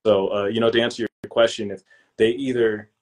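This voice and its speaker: A young man with a fairly low voice talks through his deals in a loose, slangy way and keeps calling the hosts "bro." He tells his stories with energy and acts out what he said at the time. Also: brisk. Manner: lively storyteller who acts out his own past lines. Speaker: podcast guest, real estate investor. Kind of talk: casual interview chat.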